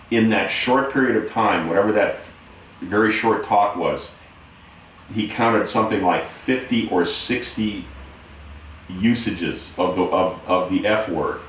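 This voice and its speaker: A man with a lowish voice telling a navy anecdote, pressing his points with emphatic asides. He sounds distant from the mic in a strongly echoing room, with light background hiss. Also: a bit bright. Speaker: interviewer and navy veteran. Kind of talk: casual storytelling.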